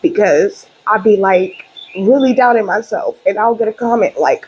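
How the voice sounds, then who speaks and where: A woman's voice: mid-range voice, slow pace, darkish tone, slightly rough, rough recording. A woman hosting her own channel, giving a casual spiritual reading straight to her viewers in a chatty, emphatic and openly heartfelt way. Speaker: spiritual reader and channel host.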